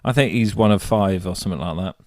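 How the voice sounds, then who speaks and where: A man's voice: deep voice, quick pace, darkish tone, no room sound, clean studio sound. A man co-hosting a podcast in casual chat, jokey and teasing. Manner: jokey, teasing, laughs often. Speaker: podcast co-host.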